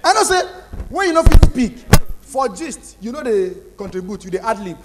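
Nigerian man, stand-up comedian, high voice, animated, echoey hall. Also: normal speed. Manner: animated, acts out characters. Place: large hall, live audience. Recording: live hall reverb, faint noise.

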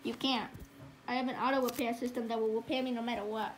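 A woman performs every role in a homemade cartoon, in a high voice. She keeps breaking into frantic yelps and cries of pain between her lines. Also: steady tone, fast, a little hiss or hum. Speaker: fan animator voicing all characters.

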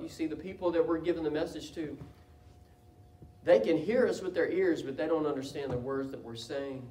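A man preaching a sermon as pastor, impassioned, his delivery swelling into loud cries. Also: high voice. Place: church sanctuary. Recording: echoey church room from a distance.

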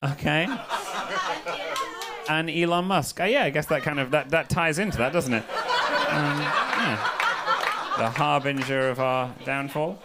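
A man's voice: a little high, a little slow, pauses often. A man doing live comedy freestyle rap at a gig, bantering with the crowd and then rapping in rhythm. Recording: live beat under the voice. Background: live hip-hop beat.

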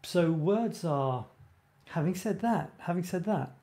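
The host of a live creative writing show has a high, expressive, dark-toned voice and takes his time. His casual live-stream talk rambles, and he regularly stops mid-sentence to laugh at himself.

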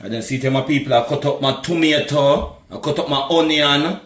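A man with a Jamaican accent cooks on camera and shows his food, chatting away and repeatedly calling his viewers "my people." His somewhat bright voice sits on the high side at a moderate pace, with reverberant audio.

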